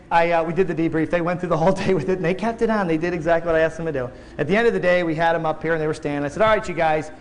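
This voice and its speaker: A man giving a motivational keynote in a large convention hall, telling stories in an animated way and acting out the dialogue. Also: sits high, a little hiss or hum. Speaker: keynote speaker.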